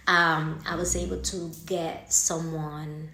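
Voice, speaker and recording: A woman's voice: low-pitched, very slow, pauses often. A woman whose first language is Spanish, casually telling a story, cursing and acting out the people she quotes. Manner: animated, swearing, acts out quoted voices. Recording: echoey room.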